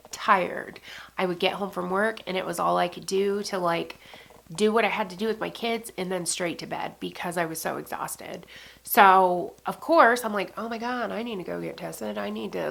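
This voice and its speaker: A woman's voice: on the low side, creaky, a bit bright, slight background noise. A woman in her thirties, a vlogger, telling a painful personal story in a casual, emotional way, full of fillers and swearing. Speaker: beauty vlogger.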